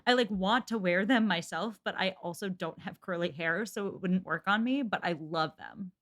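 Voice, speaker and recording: A woman's voice: lowish voice, normal speed, a bit bright. A woman co-hosting a podcast, telling stories in casual, chatty conversation. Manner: chatty, storytelling. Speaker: podcast co-host. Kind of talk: casual chat.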